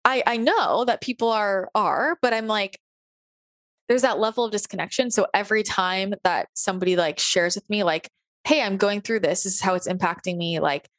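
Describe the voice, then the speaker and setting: A woman's voice: medium pitch, normal speed, a bit bright, no echo. Earnest chatty woman, dry close sound. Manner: earnest, chatty, many fillers like "like" and "right?". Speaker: podcast host. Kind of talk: casual spiritual podcast monologue. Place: home office. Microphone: home recording on a computer.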